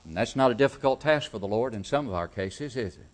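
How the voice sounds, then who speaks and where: A man's voice: mid-range voice, lively intonation, fast talker, hardly any pauses. A man preaching a sermon to a congregation, emphatic, repeating key phrases and asking rhetorical questions. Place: church service.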